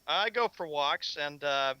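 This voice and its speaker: A male radio co-host with a very bright, sharp voice and a smooth, crisp tone. He answers in short, easygoing replies and goes along with the banter. The recording is dry and close. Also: lively intonation, measured pace, no room sound, lo-fi sound. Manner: low-key, brief, agreeable replies. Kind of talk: casual chat.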